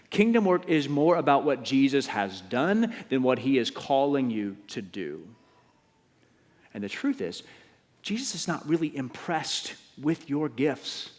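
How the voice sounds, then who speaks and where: A man preaching a sermon as pastor, telling the story with animated, acted-out delivery. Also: a little high. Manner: animated storytelling, acting out scenes. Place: church. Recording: long church reverb.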